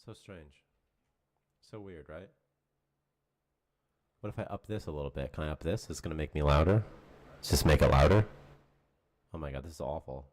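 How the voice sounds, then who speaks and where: A man's voice: rumbling low, moderate pace, long pauses, a little mellow. A man streaming as a game developer, talking casually at his computer microphone, grumbling and swearing to himself. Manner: frustrated, swearing, muttering to himself. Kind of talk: casual livestream chat. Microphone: desk microphone at a computer.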